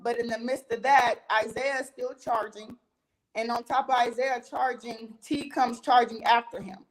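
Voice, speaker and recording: Woman, young adult, high-pitched, interview guest, casual animated storytelling, quotes others, swears freely. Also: normal speed, rough recording. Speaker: interview guest recounting a reality-show fight.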